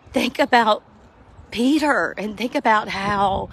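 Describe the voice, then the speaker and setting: A woman's voice: a little high, unhurried, a bit bright, a little hiss or hum. A woman giving an earnest, heartfelt personal testimony as a devotional speaker.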